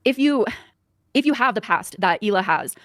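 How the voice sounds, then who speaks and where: A woman's voice: mid-range voice, lively intonation, normal speed, dry recording, clean studio sound. A woman in a podcast discussion who talks hesitantly, with many fillers, restarts and nervous laughs.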